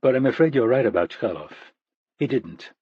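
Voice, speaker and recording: Here is a composed woman intelligence director who speaks in calm, measured sentences, as a male narrator voices her. The voice stays husky and close to his own, set in a dull, dry audiobook recording. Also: mid-range voice, dry recording.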